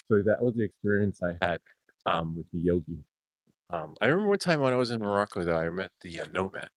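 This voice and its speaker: A man's voice: low voice, animated, quick pace, no echo. A man vlogging and telling a rambling story, chuckling as he goes and often trailing off and restarting. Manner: chuckles through his stories, trailing off and restarting.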